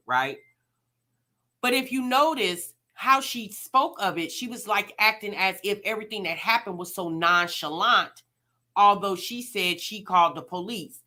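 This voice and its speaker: Bright-voiced woman hosting a chatty reaction vlog. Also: mid-range voice, expressive, measured pace. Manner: chatty, addresses viewers directly, rhetorical questions. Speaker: reaction channel host. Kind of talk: casual reaction commentary.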